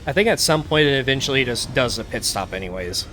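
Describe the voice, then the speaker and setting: A man's voice: mid-range voice, lively intonation, fast talker, bright, forceful tone, slight background noise. A man with a tired, worn-out throat, casually commentating while playing a racing game, in a laid-back, self-deprecating way. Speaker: gaming streamer. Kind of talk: casual let's play commentary. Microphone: desk mic.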